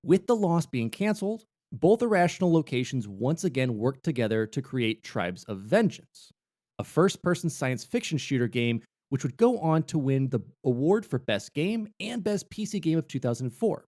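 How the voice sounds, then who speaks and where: A man co-hosting a gaming podcast, his pitch rising and falling in a lively, playful way. He moves between reading background notes and casual joking, and sounds at ease and chatty. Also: moderate pace. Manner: jokey, playful, animated. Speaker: podcast co-host.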